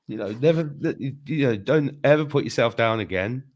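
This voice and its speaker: A man guest in a casual chat, earnestly praising the host, repeating himself and swearing now and then. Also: medium pitch.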